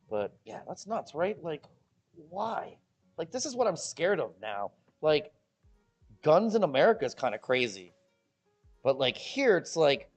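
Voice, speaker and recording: A man hosting a casual livestream, chatting with viewers and ranting with jokes and mocking voices. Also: medium pitch. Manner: animated, joking rants with mocking voices. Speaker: livestream host.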